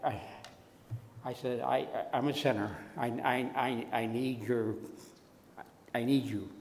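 A man preaching a sermon, telling his own story slowly, dropping to soft tones and then rising loud. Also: mid-range voice, fairly even intonation, vocal fry, slight background noise. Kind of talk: sermon testimony. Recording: echoey hall with long reverb.

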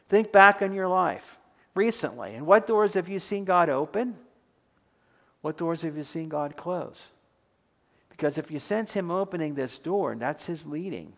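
A man's voice: on the high side, gravelly, fairly bright tone. A man preaching a sermon, posing reflective questions to the congregation in an earnest way, then leading a prayer. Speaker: pastor.

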